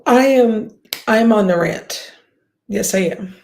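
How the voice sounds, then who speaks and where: A woman's voice: medium pitch, unhurried, a little mellow. A woman hosting a livestream, ranting bluntly and profanely at her viewers with scoffs and sighs. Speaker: livestream host.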